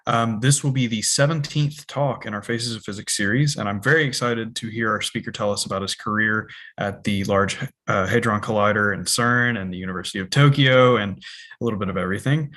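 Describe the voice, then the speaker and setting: A man's voice: fairly low pitch, fairly quick, a bit bright. Young man hosting a student talk. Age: young adult. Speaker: student host of a talk series. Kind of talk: reading a speaker introduction.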